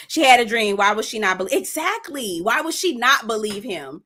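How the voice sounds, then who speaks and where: A young woman, hosting a casual live stream, animated and cussing freely as she reacts and reads comments aloud. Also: on the high side, fairly quick.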